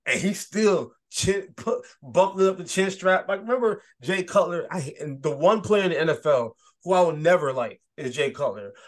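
A man co-hosting a casual sports podcast, joking and teasing in a slangy way and laughing often. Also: fairly high pitch. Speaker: podcast co-host.

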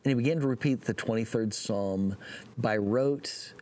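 A man preaching a sermon, praying and telling a story in a relaxed, folksy way with fillers. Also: medium pitch, moderate pace.

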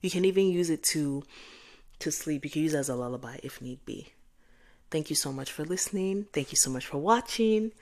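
A woman's voice: sits low, animated, a little fast, darkish tone. A woman in her twenties talking casually and encouragingly as a solo podcast host, laughing now and then. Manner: chatty and encouraging, laughs between points.

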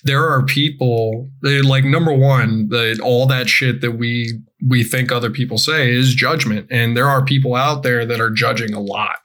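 A man co-hosting a podcast in casual chat, frank and quick to laugh, swearing casually. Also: medium pitch, fairly even intonation, fairly bright tone. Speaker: podcast co-host.

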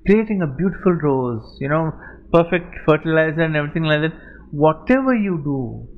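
A man speaks to a room of students, spinning stories with plenty of "uh" and "you know" and checking in with "okay?". His voice sits fairly high for a man. The recording is muffled and lo-fi. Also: normal speed, a little hiss or hum. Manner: animated storytelling, many fillers, rhetorical questions. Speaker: guest speaker. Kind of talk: lecture and Q&A with students.

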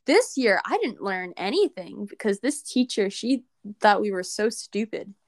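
A teenage girl in casual chat, telling animated stories with laughter. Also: medium pitch, unhurried, no echo. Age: teens. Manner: chatty, animated, laughing storyteller.

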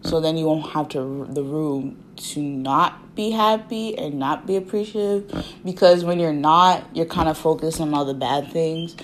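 A woman's voice: sits low, fairly even intonation, a little slow, a little hiss or hum. A woman in her twenties telling a personal story in a casual, chatty way, full of fillers and asides. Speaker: vlogger.

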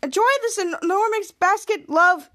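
A woman's voice: very high-pitched, moderate pace, a bit bright, pitched above the performer's own voice. A woman reading the lines of a boastful, goofy adult male superhero, with a slight lift in her voice.

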